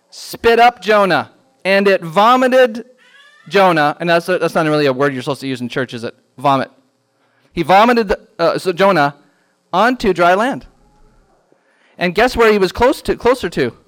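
In a church classroom, a high-voiced man teaches a children's Bible lesson, staying animated and quizzing the class with questions.

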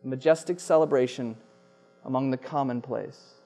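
A man's voice: mid-range voice, moderate pace, mellow, soft background music. A man preaching a sermon, emphatic and repeating key phrases for effect. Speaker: pastor.

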